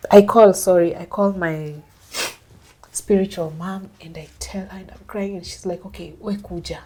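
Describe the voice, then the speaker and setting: A woman's voice: mid-range voice, a little mellow, slightly rough. A young Kenyan woman with a Kenyan accent, recounting a personal story as an interview guest and switching between English and Swahili. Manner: mixes English and Swahili, acts out others' lines.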